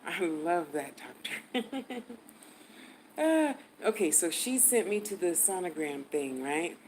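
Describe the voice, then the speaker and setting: A woman's voice: lowish voice, slow pace, slight background noise, low-quality recording. A woman in her sixties telling a story bluntly, swearing freely and dropping to mutters for asides. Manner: blunt, cursing, animated storyteller. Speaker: vlogger. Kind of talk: profane storytelling.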